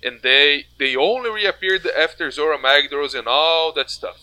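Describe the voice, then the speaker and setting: A man's voice: a little high, normal speed, bright, forceful tone, dry recording, rough recording. A man in casual chat about a video game, thinking aloud with hesitant fillers.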